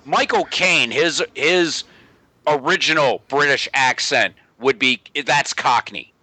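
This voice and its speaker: A man's voice: medium pitch, takes it slowly, sharp tone, husky, dry recording. A middle-aged man in a casual panel chat, rambling and correcting himself as he talks.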